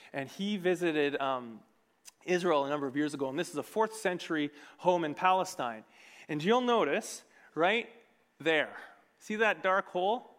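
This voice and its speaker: A man's voice: fairly high pitch, a bit bright. Earnest male preacher in a reverberant hall. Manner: earnest, conversational, emphatic swings in volume. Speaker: pastor. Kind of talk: sermon. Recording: long reverb of a large hall.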